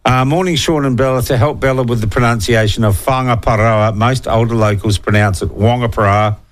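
A man's voice: mid-range voice, fairly quick. A male talkback radio host with a New Zealand accent, talking in a blunt, irreverent way. He chats through the issues of the day and reads out listener texts in an easy, opinionated tone.

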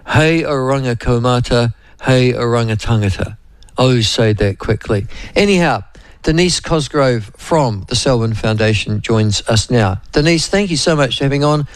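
A man's voice: mid-range voice, normal speed, clean tone, no echo. A New Zealand man hosting a radio show in a casual, rambling style full of fillers and asides to his co-host. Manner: rambling, digressive, lots of fillers; addresses co-host and listeners by name.

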